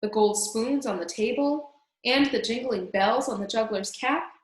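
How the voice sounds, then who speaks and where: A woman reading a children's novel aloud in an expressive way, speaking directly to the listener as "reader". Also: a little high, unhurried. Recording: roomy echo.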